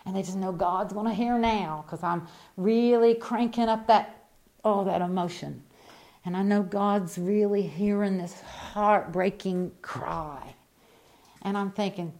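A woman preaching a sermon, telling a folksy story that swings between loud emphatic bursts and hushed asides. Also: mid-range voice, measured pace.

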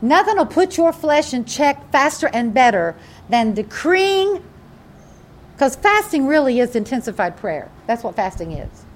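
A woman preaching a sermon in an animated, emphatic way, often repeating her phrases. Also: high-pitched, unhurried.

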